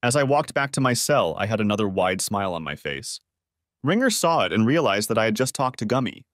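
A man narrating a first-person revenge story with a wry, expressive delivery. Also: lowish voice, a little fast, dry recording, clean studio sound.

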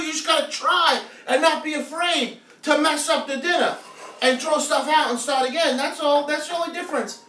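A man's voice: very high voice, moderate pace, sharp tone. A man hosting a live home cooking stream, chatting playfully and joking with viewers as he cooks. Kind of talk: casual live cooking chat. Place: home kitchen. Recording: echoey room, mic at a distance, music playing faintly.

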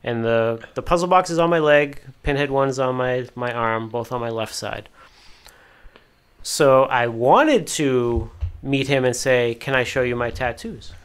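A man in a casual podcast chat, telling an excited fan anecdote with many fillers and restarts. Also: mid-range voice, unhurried, clear, resonant tone. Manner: rambling, lots of "you know" fillers and restarts. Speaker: occasional podcast co-host.

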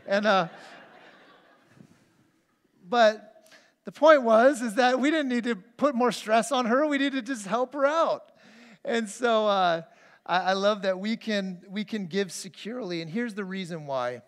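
A man's voice: sits high, lively intonation, a little slow. A man preaching a conversational sermon as pastor, telling personal stories in an earnest way with frequent restarts. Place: church sanctuary. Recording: long reverb of a church hall.

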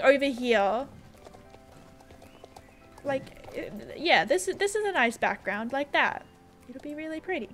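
Bubbly high-voiced Australian woman streamer. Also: lively intonation, measured pace, pauses often, a bit bright, faint music behind. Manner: bubbly, scattered, giggly, lots of "like". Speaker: game streamer. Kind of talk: casual livestream chat, reading viewer comments.

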